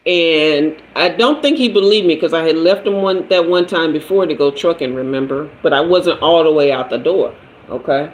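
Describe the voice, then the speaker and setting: A man's voice: fairly high pitch, moderate pace, a little hiss or hum, low-quality recording. A man hosting a livestream, telling a personal story and answering viewers by name. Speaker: livestream host, tarot reader.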